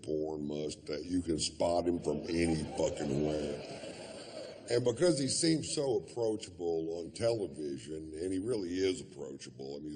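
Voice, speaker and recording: Deep-voiced, profane stand-up comic. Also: male voice, dark tone. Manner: laid-back drawl, profane, halting with fillers. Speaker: stand-up comedian. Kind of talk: stand-up comedy storytelling.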